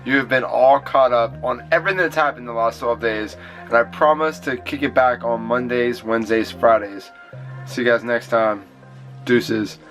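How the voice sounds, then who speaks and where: A man vlogging straight to camera in a chatty, easygoing way. His voice sits at a middling pitch, and he talks loosely with quick apologetic asides. Faint music plays softly underneath. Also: steady tone. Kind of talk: casual vlog talk to camera.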